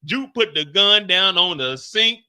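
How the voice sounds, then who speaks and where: Bright, high-voiced man doing loud profane recap. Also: animated, unhurried, clean tone. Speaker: streamer recapping a TV episode. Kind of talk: animated reaction commentary.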